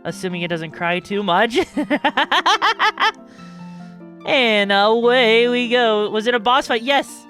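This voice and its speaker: A slightly high, animated woman takes her time, pausing often, her tone fairly bright. Live-streaming, she rambles loosely and bubbly with her viewers, talking to chat with plenty of asides. It's recorded dry and close, with faint music in the background.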